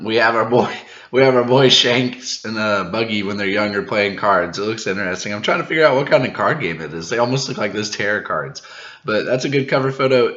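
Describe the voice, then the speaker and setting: A man hosting a manga review channel, reading through a chapter in an excited reaction, chuckling often and saying "uh" a lot. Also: lowish voice. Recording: roomy, dull lo-fi sound.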